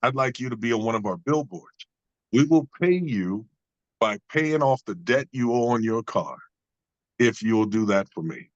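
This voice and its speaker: A man's voice: mid-range voice, lively intonation, moderate pace, no echo, dull audio. Male guest, earnest storyteller with sermon-like cadence; dead-dry close recording. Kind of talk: storytelling in a conversation.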